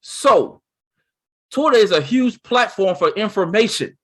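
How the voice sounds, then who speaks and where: Talkative man co-host, pitched a bit high, rambling and excitable, lots of false starts. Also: a little slow. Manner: excited, rambling, with lots of restarts and "you see what I'm saying". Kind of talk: casual chat.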